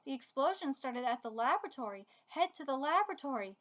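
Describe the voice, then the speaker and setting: A woman reading the lines of a bloodthirsty mutant parasite creature aloud in a slow, flat, commanding way. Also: high voice. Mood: menacing.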